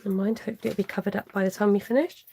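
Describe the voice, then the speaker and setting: A woman's voice: mid-range voice, fairly even intonation, very fast, gravelly, background noise. A woman hosting a live card-making tutorial, chatting to viewers and muttering half-whispered asides to herself as she works. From United Kingdom. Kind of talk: live-streamed craft tutorial.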